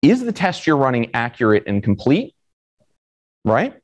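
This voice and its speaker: A man's voice: mid-range voice, wildly swooping pitch, a little slow. A man from Florida giving a conference talk in a conversational way, asking the audience questions. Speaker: conference speaker.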